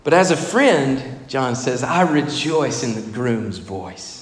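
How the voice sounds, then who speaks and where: A man preaching a sermon, expressive and emphatic, now and then acting out the voices in the stories he tells. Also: mid-range voice, slow, slight background noise. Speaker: pastor. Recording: echoey hall reverb.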